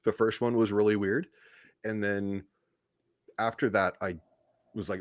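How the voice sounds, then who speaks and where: Low-voiced rambling male podcast guest. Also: fairly even intonation, measured pace, long pauses, no room sound. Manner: rambling, self-deprecating, frequent restarts. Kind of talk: casual interview storytelling.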